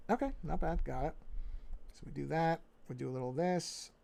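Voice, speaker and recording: Male streamer, New York accent, dark gravelly voice, talks himself through the work. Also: a little high, normal speed. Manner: thinking aloud, muttering and humming to himself. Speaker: digital artist streaming his drawing. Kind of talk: casual live-stream narration while drawing.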